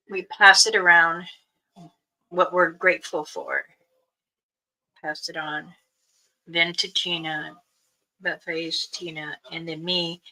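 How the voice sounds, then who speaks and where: A woman, a spiritual elder, telling a story in casual spoken style, unhurried, pausing and restarting. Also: fairly low pitch, bright, forceful tone, poor audio.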